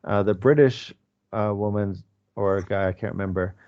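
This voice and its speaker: A man's voice: on the low side, normal speed, highs cut off. A male English teacher explaining pronunciation to his class in a conversational way, with fillers.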